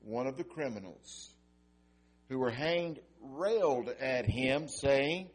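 A man preaching a sermon and reading scripture aloud, slow and dramatic, swelling loud and dropping to a hush. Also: mid-range voice, animated, slightly rough. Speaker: pastor.

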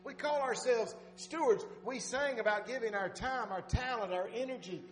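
A man preaching a sermon, telling folksy stories and swinging between loud urging and soft asides. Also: extremely high pitch, normal speed, slight background noise. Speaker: pastor.

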